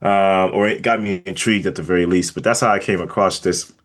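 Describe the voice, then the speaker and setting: Male podcast co-host, lowish voice, loose and rambling film talk. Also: steady tone, fairly quick. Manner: rambling, many fillers and restarts. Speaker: film reviewer. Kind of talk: casual podcast discussion.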